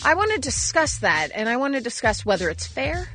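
A woman co-hosting a radio show, reading entertainment news in casual chat, animated and sarcastic, quick to laugh. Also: high-pitched, soft background music.

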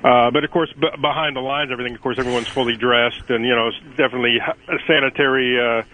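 A man's voice: mid-range voice, fairly even intonation, fast, slight background noise. A man calling in to a radio show, answering questions in a hesitant, matter-of-fact way. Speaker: caller. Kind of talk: phone-in call. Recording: dull lo-fi phone line.

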